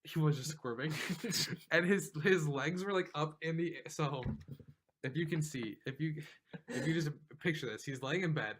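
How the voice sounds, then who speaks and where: A man's voice: fairly high pitch, moderate pace, a bit bright. Laughing, rambling male podcast co-host. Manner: rambling storyteller, often laughing, full of "like". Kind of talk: casual chat.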